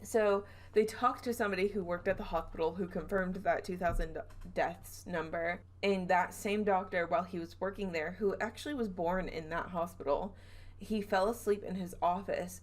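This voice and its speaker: A young woman from the southern United States hosts a casual podcast, retelling a spooky story. She sits a little lower in pitch than most women. She giggles and restarts her sentences as she goes. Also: fairly even intonation, moderate pace. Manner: chatty, giggly, trails off and self-corrects. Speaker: podcast host.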